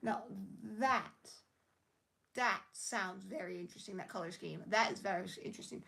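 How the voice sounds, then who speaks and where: A woman's voice: medium pitch, normal speed, vocal fry, sharp tone, a little hiss or hum. A woman chatting casually on a live stream while doing her nails, rambling and thinking aloud as she works. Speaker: nail art livestreamer.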